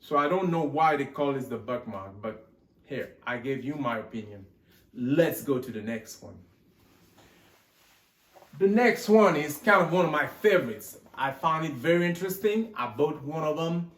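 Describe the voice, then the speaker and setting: A slightly high-voiced man hosts a casual show-and-tell video, rambling and cracking jokes as he loses count. He puts on a mixed Texan and Australian accent, and his voice bounces around an echoey room. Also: expressive, normal speed, fairly bright tone. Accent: put-on mixed Texan and Australian. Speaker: gun channel host.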